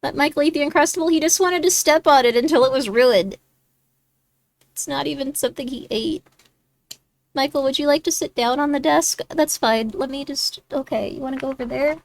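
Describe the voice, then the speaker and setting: A woman's voice: high-pitched, brisk, gravelly, dry recording, poor audio. A woman streamer chatting casually while watching game trailers, rambling and talking to her cat. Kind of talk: casual livestream chat.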